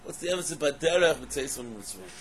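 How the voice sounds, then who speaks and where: A man's voice: mid-range voice, animated, brisk, slight background noise. A man giving a Torah lecture in English full of Hebrew and Aramaic terms. He poses questions, then repeats and stresses them. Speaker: Torah teacher.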